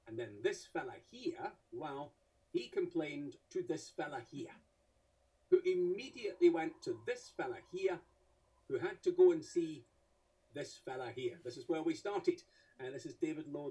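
A man's voice: fairly high pitch, dark tone, husky. Wry man lecturing from a distance. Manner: wry, theatrical asides to the audience. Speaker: speaker presenting cartoons to an audience. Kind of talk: humorous illustrated talk.

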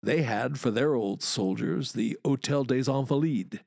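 A man with a medium-pitched, darkish, creaky voice speaks a little slowly on a dry, clean studio recording. He's a podcast host and walking tour guide, narrating a history podcast like a wry, chatty storyteller who drops in playful asides.

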